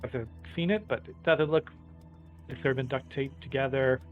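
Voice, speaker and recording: A man's voice: mid-range voice, fairly quick. A man playing a tabletop role-playing game, describing his actions step by step on a dull lo-fi mic. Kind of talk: casual tabletop game play. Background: faint fantasy background music.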